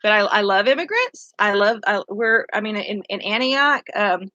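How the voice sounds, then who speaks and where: Her medium-pitched voice is bright and forceful at a normal pace, though this middle-aged city council candidate sounds tired and speaks with a drawl. Loosely and earnestly, she rambles through her views in a casual monologue, looping back and restarting sentences many times. The recording is lo-fi and dull, close and dry, without room echo.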